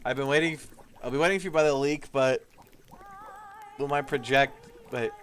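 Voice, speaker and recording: A man's voice: medium pitch, normal speed, faint music behind. A man streaming a game, reading its text aloud and adding casual asides.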